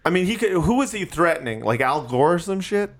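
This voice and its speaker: A man in casual podcast chat, animated and profane, laughing often. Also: a little high, fairly quick. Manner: animated, swearing, laughs a lot.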